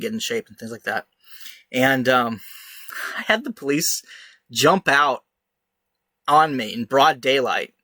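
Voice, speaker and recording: A young man co-hosting a podcast, telling an animated story in casual chat and acting out the shouted lines. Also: mid-range voice, no echo. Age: young adult. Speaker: podcast host.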